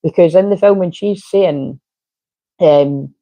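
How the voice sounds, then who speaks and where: A woman's voice: fairly low pitch, slow, no echo, highs cut off. A woman giving a casual, rambling tarot reading, drifting off topic and swearing now and then. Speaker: tarot reader.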